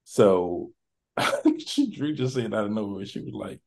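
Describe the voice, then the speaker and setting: A man's voice: fairly low pitch, lively intonation, measured pace, gravelly, darkish tone. A man hosting a podcast, chatting in a laid-back, slangy, rambling way. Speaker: podcast host. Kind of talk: casual chat.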